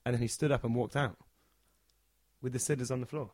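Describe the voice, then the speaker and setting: A man telling a funny story in a casual chat, animated and acting out the people in it. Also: mid-range voice, brisk, no echo. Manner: animated, acts out the characters.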